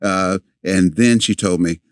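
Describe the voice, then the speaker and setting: An older man, a podcast guest, telling a long story in a halting way with many fillers and restarts. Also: sits low, smooth, dry recording, clean studio sound.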